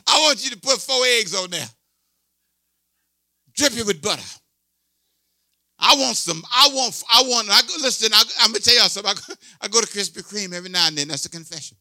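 Emphatic preaching man, bright and high. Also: expressive, fairly quick, pauses often, no room sound, clean studio sound. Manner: emphatic preaching, repeating key words, call and response. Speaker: pastor. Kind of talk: sermon.

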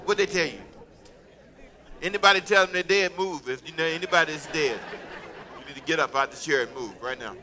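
A man's voice: a little high, a little fast, pauses often, bright, forceful tone, slight background noise. A man in his fifties preaching a sermon to his congregation, calling out for responses and rising into emphatic exhortation. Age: 50s. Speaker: pastor. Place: church before a congregation.

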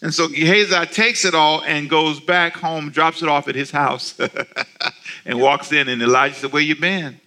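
A man preaching on the radio, telling a story with animated delivery and emphatic, repeated phrases. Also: fairly high pitch, moderate pace. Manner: animated storytelling with acted-out asides. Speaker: pastor. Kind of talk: radio sermon.

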